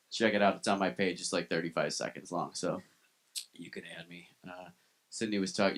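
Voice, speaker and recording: A man doing a live stand-up set in a comedy club, telling dark, self-deprecating jokes and talking with the crowd. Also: fairly low pitch, lively intonation, brisk, gravelly.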